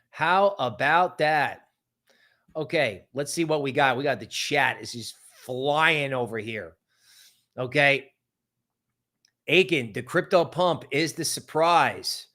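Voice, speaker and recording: A man hosts a live market commentary stream, his voice sitting a little high for a man. He talks in an animated, sardonic way, tossing out quick asides and mocking voices. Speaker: crypto market livestream host.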